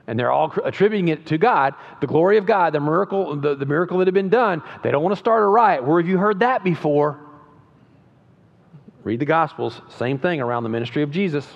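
A man's voice: on the high side, creaky. A man preaching a sermon as pastor, in a conversational style with emphatic rises and frequent restarts. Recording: dull lo-fi sound with long hall reverb.

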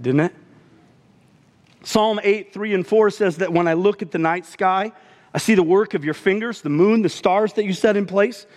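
A man preaching a sermon to a congregation, expressive, often dropping his voice low for emphasis. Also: long reverb tail. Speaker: pastor.

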